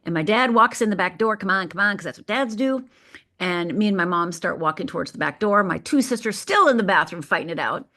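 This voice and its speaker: A middle-aged woman from Michigan tells her own story as a podcast guest. She speaks vividly and lets key moments land with deliberate pauses. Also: medium pitch, expressive, sharp tone. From Upper Peninsula of Michigan. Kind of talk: telling a personal story on a podcast.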